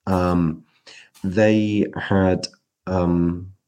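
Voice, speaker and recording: A man chatting on a podcast, hesitant and halting, starting his sentences over and over. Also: low voice, fairly even intonation, mellow, clean tone. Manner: hesitant, many fillers and restarts. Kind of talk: casual chat.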